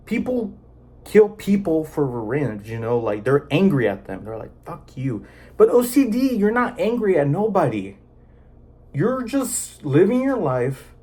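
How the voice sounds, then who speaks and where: Man, slightly high voice, earnest, rambling casual vlog delivery, lots of "you know". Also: a little mellow. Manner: rambling, earnest, many fillers and restarts. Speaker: vlogger sharing personal experience. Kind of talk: casual personal talk to camera.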